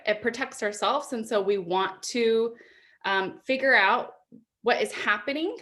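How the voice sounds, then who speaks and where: A woman's voice: medium pitch, a bit bright. Conversational woman speaker asking reflective questions. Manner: conversational, asks reflective questions, laughs often. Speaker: conference speaker. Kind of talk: conference talk. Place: apartment.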